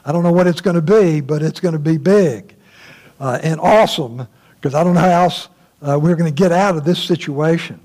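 A man's voice: a little high, fairly quick, darkish tone. A man giving a casual, folksy Bible lesson, chatty and full of fillers. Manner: folksy, chatty, many uh fillers, chuckles at his own asides. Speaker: Bible teacher.

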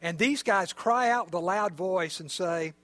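A man's voice: high voice, unhurried, fairly bright tone, dry recording, soft background music. A man preaching a sermon in a conversational, explanatory way, with frequent fillers. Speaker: pastor.

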